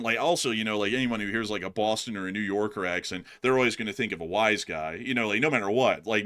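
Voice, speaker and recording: Reading viewer comments on his news channel, a Southern man with a mild accent talks casually and rambles, addressing "folks" and "y'all." His voice sits on the low side, with a bright, forceful tone.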